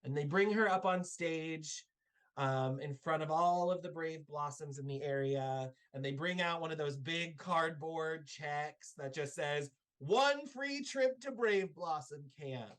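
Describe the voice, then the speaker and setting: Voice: mid-range voice, steady tone, unhurried, a bit bright. A game master narrating a live tabletop game and closing the show, speaking loosely with frequent fillers.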